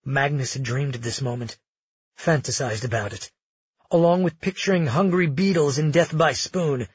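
A man narrating a fantasy audiobook in a steady, measured way. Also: fairly high pitch, husky, no echo, dull audio.

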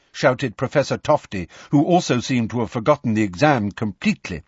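Lively-pitched husky male narrator, dull lo-fi sound. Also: no echo. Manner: measured, expressive reading. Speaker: audiobook narrator. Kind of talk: scripted narration. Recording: dull, slightly lo-fi studio recording.

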